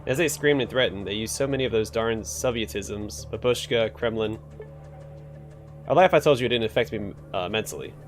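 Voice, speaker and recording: A man's voice: on the low side, brisk, soft background music, close to an everyday voice. A man voicing a nervous male clerk who has verbal tics and talks in a stammering, apologetic way, in a game.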